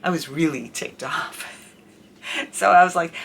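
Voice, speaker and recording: A middle-aged woman talking candidly to camera in a casual vlog, telling an indignant, animated story about her life. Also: sits low, unhurried, vocal fry. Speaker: vlogger.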